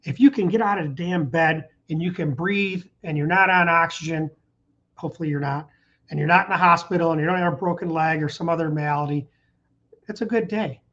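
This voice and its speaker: A man's voice: on the high side, brisk, a bit bright, muffled recording. A middle-aged man hosting a casual live stream, rambling in an upbeat way and reading out viewer comments. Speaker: channel host. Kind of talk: casual livestream chat.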